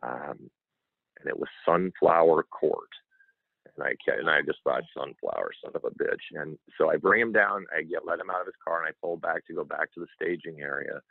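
Deep gravelly man on a tinny line. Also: a little fast, no room sound. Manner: earnest, animated, acts out quoted dialogue. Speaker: interview guest, author. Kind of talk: emotional personal storytelling.

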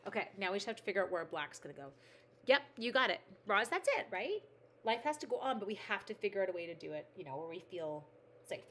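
Fast and lively, her medium-pitched voice has a slightly bright tone, and there's slight background noise. She's a middle-aged craft streamer making cards, chatting away, reading viewer comments aloud, and talking to her supplies.

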